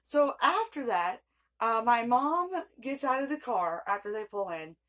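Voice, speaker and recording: A woman's voice: fairly high pitch, expressive, a little slow, fairly bright tone. A woman telling a long personal story in a casual vlog, rambling and chatty with frequent laughs. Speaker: vlogger.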